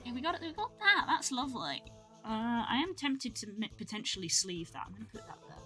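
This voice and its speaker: A woman chats her way through a live stream, her voice bright and her pitch swinging lively from word to word. She talks casually and excitably, and faint music plays behind her. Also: a little fast. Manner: chatty, excitable exclamations over cards. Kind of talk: casual live-stream card-opening commentary.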